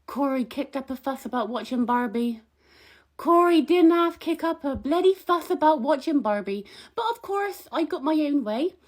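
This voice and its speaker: Young woman, high voice, gossipy comic rant to camera, indignant and rambling. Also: animated, normal speed. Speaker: comic vlogger.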